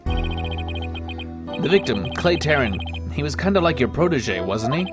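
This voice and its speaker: A woman's voice: sits low, sing-song, slow pace, full character voice. A woman voicing an upbeat young female defense lawyer who questions and cheers, with game music behind. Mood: curious. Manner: bright cheerleading, inquisitive. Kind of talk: reading game dialogue aloud.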